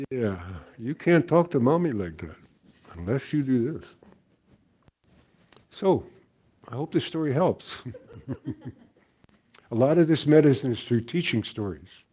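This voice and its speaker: An older man giving a talk as a guest teacher, telling stories in a relaxed way with frequent chuckles. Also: medium pitch. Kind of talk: storytelling talk.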